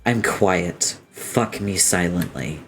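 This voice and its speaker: A man reading as a crude, deadpan young female troll who makes blunt lewd remarks in a slow, flat way. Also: low-pitched, soft background music, exaggerated voice.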